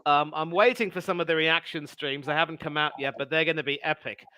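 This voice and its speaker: A man co-hosting a live football watch-along, giving measured, critical analysis in a dry tone. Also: a little high, crowd noise. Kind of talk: casual live football reaction.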